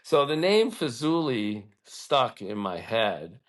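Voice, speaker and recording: Blunt profane podcast host. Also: male voice, medium pitch, very animated, slow pace. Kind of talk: casual ranting storytelling.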